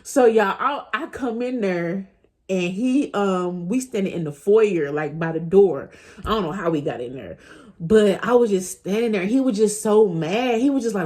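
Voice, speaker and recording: A vlogger in her thirties shares a personal story with her viewers, chatting casually, often addressing them directly and laughing along the way. Her voice is medium in pitch and a little mellow, at a moderate pace.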